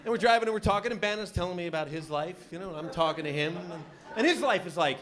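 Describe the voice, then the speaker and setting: Animated male stand-up comic. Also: high-pitched, fast talker, a crowd in the background. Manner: storytelling, animated acting-out of characters. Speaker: stand-up comedian. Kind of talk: stand-up routine. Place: comedy club stage. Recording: live club recording with audience noise.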